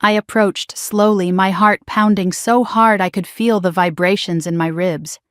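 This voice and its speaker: A woman narrating a dramatic first-person family story in a hushed, emotional way on a close mic. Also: mid-range voice, steady tone, measured pace, dry recording.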